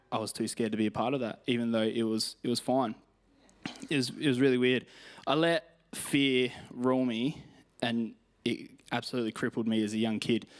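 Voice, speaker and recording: A young man with an Australian accent preaching a sermon in a chatty, self-deprecating way, telling personal stories and reading scripture. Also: medium pitch. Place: church stage.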